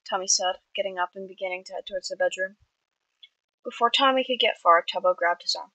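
A woman's voice: mid-range voice, steady tone, brisk, bright, forceful tone, no room sound, rough recording. A woman reading her own story aloud earnestly, with small slips and restarts. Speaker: amateur writer.

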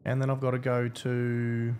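A man's voice: medium pitch, completely flat delivery, a little slow, darkish tone, a little hiss or hum. A young man streaming a game, chatting casually, swearing often, blunt and grumbling between laughs. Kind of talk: casual live-stream chat while gaming.

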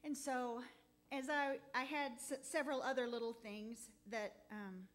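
A woman giving a heartfelt, halting testimony in church, close to tears at times. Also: a little high, fairly even intonation. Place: church sanctuary.

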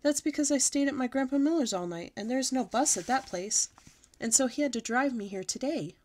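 A woman reading a storybook aloud and voicing an excitable, bossy little kindergarten girl who talks loud and breathless. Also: sits high, brisk, pitched above the performer's own voice. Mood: pleading.

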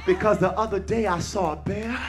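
Male pastor, high voice, chanted shouting sermon, call-and-response, backing music. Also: fairly quick, a crowd in the background. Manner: sing-song shouted preaching with repeated call-and-response phrases. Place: church service.

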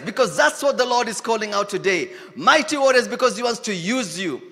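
Kenyan preacher guy, high bright voice, big echo in the church, repeats his lines hard. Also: brisk, few pauses. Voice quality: emphatic preaching, repeats key lines, switches into Swahili phrases. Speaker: pastor. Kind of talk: sermon.

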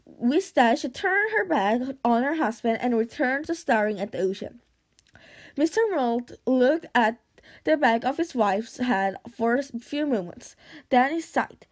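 A woman reading an audiobook aloud at a steady pace, with occasional stumbles and restarts. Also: fairly high pitch, a little slow. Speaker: audiobook reader.

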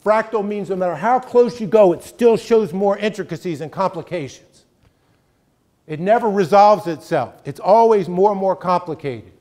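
Middle-aged male guest lecturer, slightly high voice, emphatic and chatty, keeps asking "right?". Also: normal speed, dark tone. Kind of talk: conversational college lecture.

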